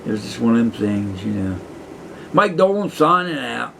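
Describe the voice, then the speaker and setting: Against a noisy background, a man in his sixties who once worked as a prison guard chats casually to camera in a creaky, sing-song mid-range voice at normal speed. He swears freely, chuckles, and wanders from story to story.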